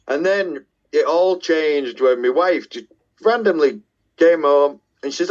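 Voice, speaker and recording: A man's voice: a little high, moderate pace, dull audio. Chatty Yorkshire man telling band stories. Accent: Yorkshire English. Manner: lively, self-deprecating anecdotes with swearing. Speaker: guest musician. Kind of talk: casual storytelling.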